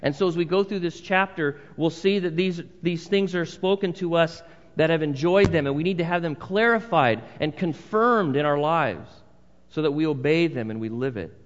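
A man's voice: a little high, moderate pace. A male pastor preaching a sermon in a church, conversational with emphatic repeated phrases. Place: church sanctuary. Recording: long hall reverb, dull sound.

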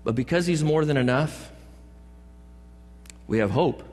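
A man's voice: fairly high pitch, measured pace, darkish tone. A man preaching a sermon as a pastor, with playful asides and jokes. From California. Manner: joking asides and playful put-on voices. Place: church sanctuary. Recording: long church hall reverb.

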